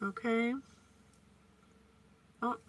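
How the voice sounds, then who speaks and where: A woman's voice: a little high, flat delivery, very slow, slight background noise. A woman giving a chatty psychic reading, playful and prone to tangents. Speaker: psychic reader. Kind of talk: casual psychic reading monologue.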